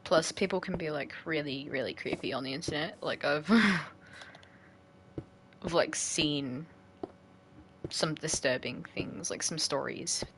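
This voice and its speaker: A woman's voice: sits low, slow, long pauses, fairly bright tone, slight background noise. An Australian woman chatting casually on a live stream while building a game map, giggly and full of "like" fillers.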